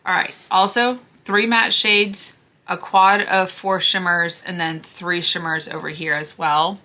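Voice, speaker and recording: A woman vlogger chatting casually through a makeup declutter, gushing and sometimes dropping to a hushed near-whisper, her voice hoarse as she loses it. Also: on the low side, level tone, unhurried. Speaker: beauty vlogger.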